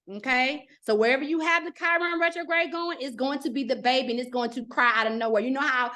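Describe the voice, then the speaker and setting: Middle-aged woman, astrology teacher, high-pitched, chatty and animated, checks in with the class constantly. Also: fast talker, hardly any pauses. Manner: chatty, animated, acts out quotes, frequent "okay?" check-ins. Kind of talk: live class, casual teaching.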